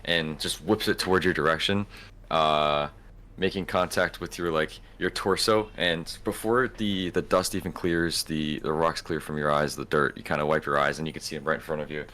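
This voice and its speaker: Low-voiced relaxed game master. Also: male voice. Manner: relaxed, halting narration with many fillers. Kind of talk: narrating a tabletop game.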